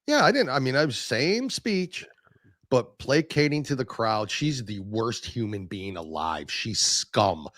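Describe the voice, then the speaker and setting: A male podcast host talks in crude, mocking casual chat, his pitch leaping up and down. The sound is close and dry, with no room to it. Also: sing-song, measured pace, fairly bright tone, no echo. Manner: crude, sarcastic, mocking, swears freely.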